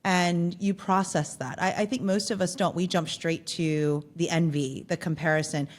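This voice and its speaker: A woman's voice: on the low side, steady tone, normal speed. A woman hosting a podcast interview, affirming her guest and reflecting on what she said. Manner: affirming, reflective, lots of "mm" backchannels. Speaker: podcast host. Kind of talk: conversational interview.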